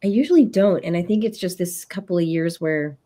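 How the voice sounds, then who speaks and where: A woman with a smoky, hoarse voice from being sick chats as a co-host. Her tone is warm and mellow. She talks freely and laughs often, heard over a video call. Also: fairly low pitch, brisk. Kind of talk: casual chat.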